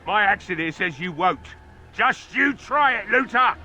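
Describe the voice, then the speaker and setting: Hostile game shopkeeper, gruff and threatening, tense high edge, light score under. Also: male voice, expressive, normal speed, bright, forceful tone, faint music behind. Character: surly middle-aged male shopkeeper guarding his looted store. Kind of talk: video game voice acting.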